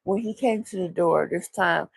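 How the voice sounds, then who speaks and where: A woman talking in a casual, confessional vlog monologue, rambling and halting with repeated restarts, in a low, vulnerable mood. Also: vocal fry, breathy edge, no echo. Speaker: vlogger.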